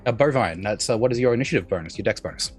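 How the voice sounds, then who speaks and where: A man's voice: fairly low pitch, expressive, slightly rough, faint music behind. A man narrating as dungeon master, chuckling and hurrying to keep the game moving. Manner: apologetic, chuckling, hurried.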